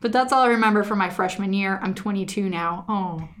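A woman's voice: mid-range voice, a little fast. Giggly woman telling a story. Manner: giggly, animated storytelling with frequent laughs. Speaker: podcast co-host reading listener stories. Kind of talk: casual chat.

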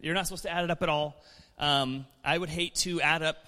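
Bright-voiced man preaching in a reverberant hall. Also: fairly high pitch, fairly even intonation, a little fast. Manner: conversational, with chuckles and restarts. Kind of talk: sermon. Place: church.

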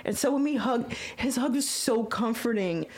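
A woman hosting a podcast, retelling a story in casual chat, excitable and emotional with frequent stammers. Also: a little high, moderate pace, crowd noise. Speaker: podcast host.

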